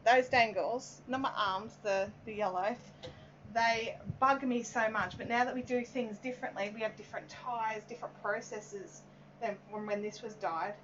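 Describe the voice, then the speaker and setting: A woman's voice: fairly high pitch, fairly even intonation, moderate pace, a bit bright, highs cut off, slight background noise. Chatty Australian woman on a live stream. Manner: chatty and rambling, reading out viewer comments, many "um"s. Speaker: yarn dyer hosting a live stream. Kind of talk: casual live-stream chat while working.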